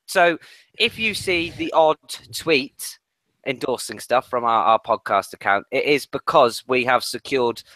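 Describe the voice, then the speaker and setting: A man's voice: medium pitch, measured pace, sharp tone, no echo. A man co-hosting a podcast, chatty and teasing as he hints at news. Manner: chatty, teasing, building up an announcement. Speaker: podcast co-host. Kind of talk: casual podcast chat.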